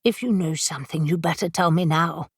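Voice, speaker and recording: A woman voicing a sharp-tongued witch, brusque, impatient, storybook reading, dry close sound. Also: sits low, brisk, husky, no echo, full character voice. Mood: urgent.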